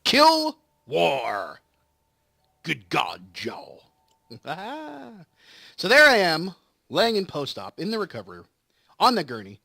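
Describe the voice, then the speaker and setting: This let's play host's voice is a little high, gravelly and sharp, with wildly swooping pitch; he takes it slowly and pauses often, with no echo. While recovering from surgery, he chats casually over gameplay, spinning a long, rambling story with acted quotes.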